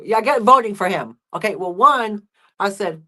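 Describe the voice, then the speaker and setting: A woman's voice: medium pitch, normal speed. A woman chatting casually as a guest, telling stories and voicing her pets and neighbors. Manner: chatty storyteller, acts out pets and people in hushed voices. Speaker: guest friend. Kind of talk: casual live chat.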